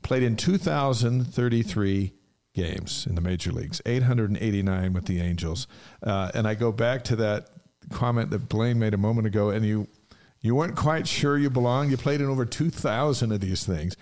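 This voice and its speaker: A man's voice: lowish voice, a little mellow. A man hosting a sports talk radio show, reading off statistics and reacting to his guest. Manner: reads stats, quick reactions.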